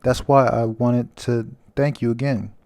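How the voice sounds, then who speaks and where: A man reading calm male friend, soft, earnest, slow, comic reading. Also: mid-range voice, natural voice.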